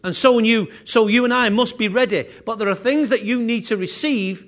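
A man's voice: extremely high pitch, moderate pace, fairly bright tone. A man preaching a sermon as pastor, earnest, circling back on his words and restarting phrases.

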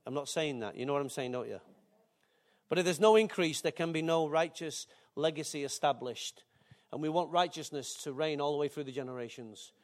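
Older pastor, high-pitched and chatty. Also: male voice, brisk. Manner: conversational, jokey preaching with asides to the congregation. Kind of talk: sermon.

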